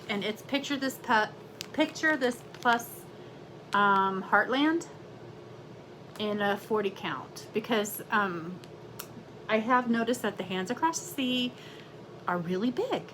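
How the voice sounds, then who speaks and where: A woman's voice: medium pitch, background noise. A middle-aged woman, chatting casually and rambling with lots of fillers as she shows her stitching projects from her craft room at home. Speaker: cross-stitch vlogger. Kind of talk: casual chat.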